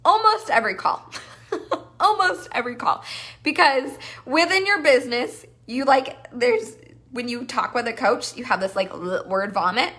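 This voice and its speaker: A woman business coach teaching a live masterclass, animated and playful, acting out the voices in people's heads. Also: mid-range voice.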